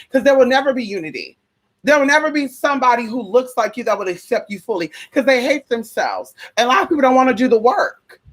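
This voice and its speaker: A woman vlogs a fiery, profane rant straight to her viewers, full of sass and repeated rhetorical questions. Her voice is husky and a bit high. Her pitch swings widely. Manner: profane, heated, sassy. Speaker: vlogger. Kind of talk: ranting monologue to viewers.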